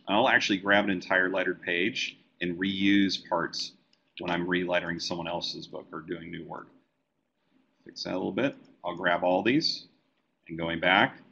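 Deep-voiced man teaching software. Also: gravelly, slightly rough, muffled recording. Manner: relaxed, talks while working on screen. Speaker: comic book letterer and design educator. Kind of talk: live software tutorial webinar.

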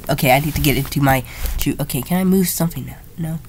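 A woman giving playful, jokey commentary while playing a strategy game, often jumping into silly high voices. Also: moderate pace. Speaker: gaming YouTuber. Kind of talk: casual gameplay commentary.

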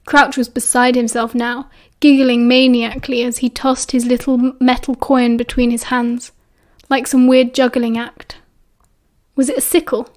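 A woman with a British accent narrating a novel as an audiobook in a steady, expressive storytelling voice. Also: fairly high pitch, normal speed. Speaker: audiobook reader.

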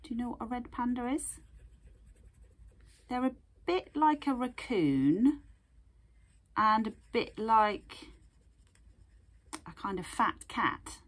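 Breathy, gentle woman teaching children. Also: on the high side, slow pace, pauses often. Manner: gentle, encouraging, asks children questions. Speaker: art teacher. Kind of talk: reading a picture book aloud and guiding children's drawing.

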